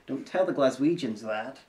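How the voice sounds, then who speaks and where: A woman co-host with a hard-to-place English accent, explaining things in a measured, lecturing way. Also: very deep voice, darkish tone, reverberant. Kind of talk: casual chat.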